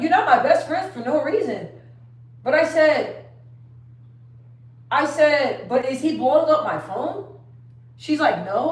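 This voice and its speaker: A young woman chatting casually on a livestream, telling stories and reading viewer comments aloud. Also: on the high side. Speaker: livestream host. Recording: roomy sound, distant from the mic.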